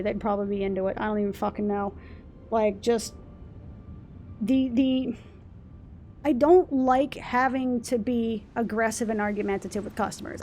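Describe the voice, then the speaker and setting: Woman ranting while gaming, kinda high voice, swears a lot, faint hiss and rumble behind. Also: darkish tone. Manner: exasperated ranting, quick to swear, acts out customers. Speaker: let's play host. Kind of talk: ranting casual chat over gameplay.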